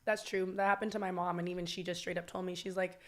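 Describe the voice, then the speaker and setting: A woman's voice: on the low side, flat delivery, fairly bright tone. A young adult woman, a podcast guest talking frankly and chatting in a casual conversation. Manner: frank, chatty, quick to agree.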